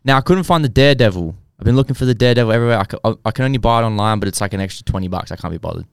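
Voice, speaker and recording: Young man, podcast co-host, crisp voice, dry close mic. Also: fairly low pitch, very fast, no echo. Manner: swears a lot, excitable. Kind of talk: casual chat.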